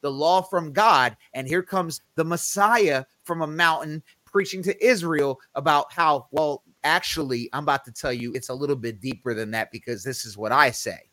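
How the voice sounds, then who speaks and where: A man's voice: fairly high pitch, moderate pace, hardly any pauses, bright, forceful tone, no room sound. A man hosting a podcast Bible study, explaining scripture in a casual, conversational way and leaning hard on quoted verses. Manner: conversational, self-correcting, emphatic on scripture quotes.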